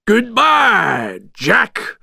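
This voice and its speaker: A man voicing a loud, gloating monster villain in a storybook reading, drawing out and shouting his words. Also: high-pitched, wildly swooping pitch, gravelly, no room sound, studio quality, voice pushed up, exaggerated voice. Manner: shouting, cackling, drawn-out words.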